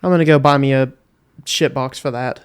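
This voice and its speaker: A man's voice: mid-range voice, steady tone, a little fast, clean tone. A young adult man co-hosting a podcast in casual chat, laid-back and defensive when teased. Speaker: podcast co-host.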